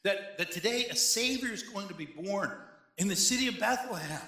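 A male pastor preaching a sermon in a conversational, animated way, full of asides and questions to the congregation, recorded in a church. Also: sits high, moderate pace, reverberant. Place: church sanctuary.

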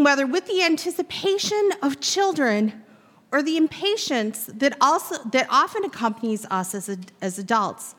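A woman's voice: a little high, long reverb tail. A woman pastor preaching a sermon to her congregation. She talks expressively and addresses the listeners directly. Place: church sanctuary.

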